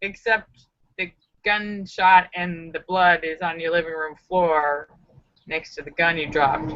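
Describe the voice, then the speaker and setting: A woman's voice: lowish voice, flat delivery, a little slow, pushed and bright, highs cut off. A woman hosting a casual live stream, chatting with viewers in a sassy, joking, self-mocking way.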